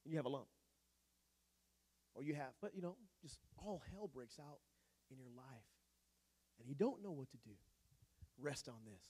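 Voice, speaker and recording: A male pastor preaching a sermon in an animated, joking, conversational way. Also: a little high, moderate pace, long pauses, slightly rough.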